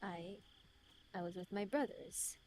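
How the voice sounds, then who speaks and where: A woman's voice: medium pitch, unhurried, a little mellow, slight background noise, lightly acted. A woman reading the lines of a smug, teasing otherworldly young man from a story game aloud, in a put-on British accent.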